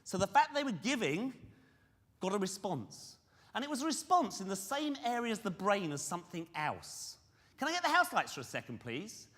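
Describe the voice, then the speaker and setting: A man giving a lively conference presentation, questioning the audience directly. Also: high voice, normal speed. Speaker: conference speaker on fundraising. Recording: reverberant hall.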